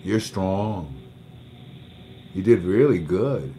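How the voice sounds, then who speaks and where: Low-voiced man telling a personal story. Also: animated, very slow, warm tone, slight background noise. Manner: emotional storytelling, repeats words. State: under treatment for cancer. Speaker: livestream host. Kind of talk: casual livestream talk.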